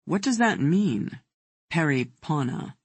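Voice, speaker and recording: An audiobook narrator voicing a cold, mocking male captor who talks in a smug, calm way. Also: mid-range voice, slow, breathy edge, no echo, full character voice.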